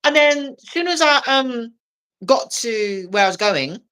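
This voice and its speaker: This woman tells her stories in bright, ringing tones, jumping into little voices for everyone she quotes. She is a comedian guest on a podcast, chatting casually and laughing between lines. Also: fairly high pitch, unhurried, clear, resonant tone. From England. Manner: animated storyteller who acts out quoted voices and laughs often. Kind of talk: casual storytelling chat.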